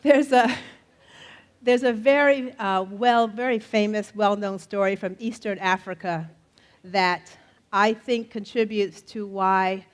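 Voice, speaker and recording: A middle-aged woman telling folktales live in a festival tent, playful and animated, joking with the audience and leading them in refrains. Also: medium pitch, slow. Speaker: storyteller. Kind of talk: live storytelling performance. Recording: faint audience crowd behind. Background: faint crowd of listeners.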